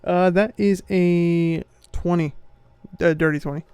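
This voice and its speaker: A man's voice: sits high, fairly even intonation, unhurried, a little mellow, faint music behind. A man playing a tabletop game, voicing his character with stern threats. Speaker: player.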